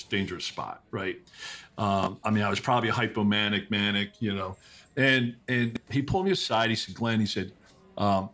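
A middle-aged man, a podcast guest, telling personal stories in a casual, animated way, with many restarts and quick asides. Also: mid-range voice, husky. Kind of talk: casual conversational storytelling.

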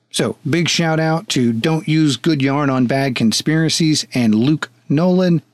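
A man's voice: fairly high pitch, dry recording. A man running a tabletop game as game master and podcast host, joking and casually profane. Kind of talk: running a tabletop game, then patron thanks.

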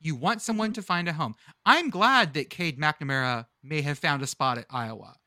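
A man co-hosting a chatty sports podcast, his voice bright and lively with wide swings in pitch. He keeps trailing off to dig up names. The sound is dry and close. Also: normal speed, no echo. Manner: animated, swearing, searching for names mid-sentence. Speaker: podcast co-host. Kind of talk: casual chat.

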